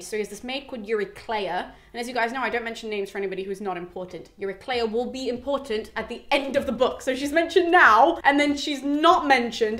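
A woman's voice: on the high side, a bit bright. A young woman hosting a video, retelling a classic epic in a chatty, irreverent way, with casual swearing and plenty of slang. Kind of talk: casual slangy book recap.

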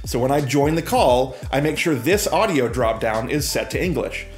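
A man narrates a scripted tech explainer in a breezy, upbeat tone, his voice sitting at an ordinary middle pitch. Soft music plays faintly underneath. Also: lively intonation, normal speed. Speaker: presenter demoing software.

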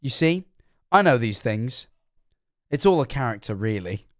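A man's voice: medium pitch, big pitch swings, measured pace. A young man streaming, reacting to a video and rambling through explanations of his own jokes with plenty of swearing. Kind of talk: live-stream reaction commentary.

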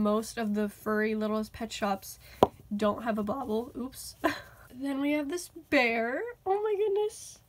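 Gushing woman unboxing toys. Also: on the high side. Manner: gushing, excitable, many "oh my goodness". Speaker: vlogger. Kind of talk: toy haul unboxing.

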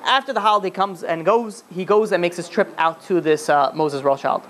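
Fast-talking rabbi telling a story. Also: male voice, sits high. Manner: animated, acts out characters with many restarts. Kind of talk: storytelling sermon.

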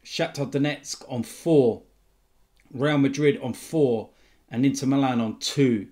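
A man's voice: mid-range voice, slow pace, mellow. Chatty man hosting a football roundup. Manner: chatty, filled with frequent ums. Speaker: football fan channel host. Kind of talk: casual football news roundup.

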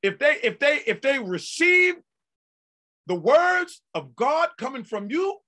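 A male pastor delivering a sermon in folksy, conversational talk that breaks into shouted peaks and drawn-out emphasis. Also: extremely high pitch, big pitch swings.

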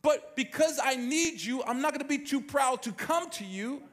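A man's voice: very high voice, animated, moderate pace, a bit bright, pitched above the performer's own voice. A man voicing an insistent widow pleading for justice, told within a sermon. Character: persistent pleading widow, adult woman. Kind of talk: sermon storytelling.

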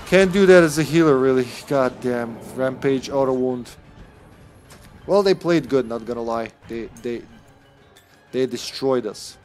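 A man commenting on his own online game as he plays, swearing often and sometimes shouting at the screen. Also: mid-range voice, a little slow, faint music behind. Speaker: streamer. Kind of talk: live gameplay commentary.

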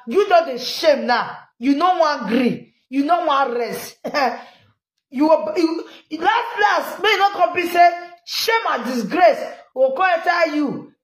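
A woman with a Nigerian Pidgin accent giving animated, scolding commentary, laughing often and repeatedly urging viewers to like and share. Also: very high voice, measured pace, roomy sound. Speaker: commentary vlogger. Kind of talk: live social media commentary.

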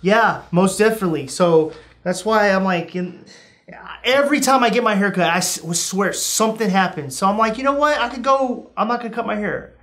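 Brisk and high-pitched with a fairly bright tone, this young podcast host chats casually through funny stories. He acts out his reactions, his voice jumping suddenly.

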